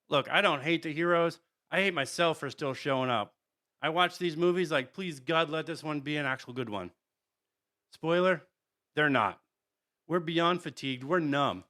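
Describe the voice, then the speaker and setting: A man's voice: fairly high pitch, bright, forceful tone. A man hosting a casual podcast, ranting sarcastically with lots of swearing. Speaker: podcast host.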